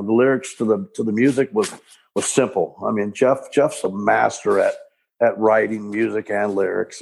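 A man talks casually as an interview guest about his old band days. His voice is gravelly and a bit husky. He rambles, stops, and restarts his sentences. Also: on the low side, darkish tone. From Southern California. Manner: rambling, halting, with restarts and laughs. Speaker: punk singer, guest.

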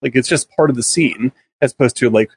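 Husky man praising a film enthusiastically. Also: mid-range voice, a little fast. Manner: enthusiastic, agreeable co-host. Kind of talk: casual film discussion.

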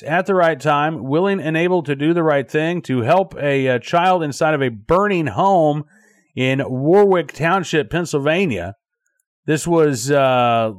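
A man hosts a daily news show, with a voice a little higher than most men's. He talks in a loose, conversational way, full of fillers and restarts. The sound is dry, close and free of room echo.

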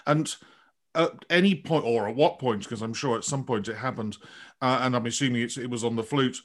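A man's voice: mid-range voice, brisk. Chatty man hosting a podcast. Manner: chatty, laughs often. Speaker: podcast host. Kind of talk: conversational interview.

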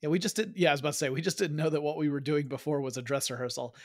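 A man co-hosting a geeky podcast in casual, jokey chat with quick asides. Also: fairly high pitch, fairly even intonation, no room sound, studio quality. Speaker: podcast co-host.

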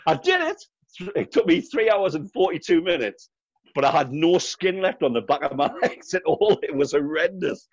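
A man's voice: a little high, very animated, moderate pace, slightly rough, no room sound, dull audio. A middle-aged man with a Geordie accent, a guest on a casual interview, telling stories and laughing often. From North East England. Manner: chatty storyteller, laughs often. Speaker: guest, charity fundraiser runner.

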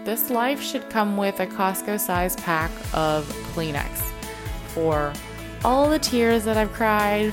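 Candid young woman, low voice, faint music. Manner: emotional, confessional, quotes people in animated voices. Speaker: self-employed social media creator. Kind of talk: candid personal vlog talk.

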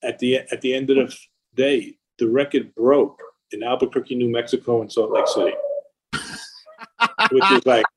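A middle-aged man with a husky, mid-pitched voice spins long stories about his career in a casual interview. He swears freely and keeps talking in an animated, rambling way. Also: normal speed, pauses often, rough recording. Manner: profane, animated anecdotes. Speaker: record label founder.

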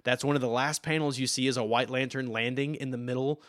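Male podcast co-host, mid-pitched, dry close mic, eager explainer. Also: fairly even intonation, fast, no echo. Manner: enthusiastic, explanatory, trails off quietly. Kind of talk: casual chat.

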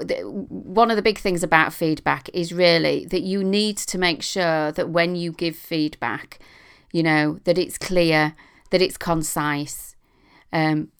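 A middle-aged woman with a British accent hosts a podcast in a casual, chatty monologue, full of ums and asides. Her voice sits a little low, smooth and resonant with a gravelly edge. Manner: chatty, frequent ums, self-deprecating humour. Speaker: podcast host.

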